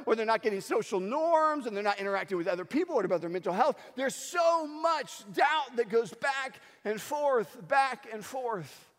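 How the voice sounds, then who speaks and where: A man preaching a sermon, telling stories in an animated way and acting out the lines he quotes. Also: extremely high pitch, moderate pace, hardly any pauses. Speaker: pastor. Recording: long hall reverb.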